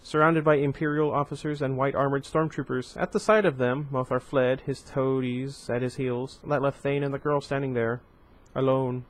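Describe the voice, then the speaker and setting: A man's voice: medium pitch, steady tone, moderate pace, few pauses. A man reading a novel aloud for his channel, with casual asides and occasional self-corrections. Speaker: book reader.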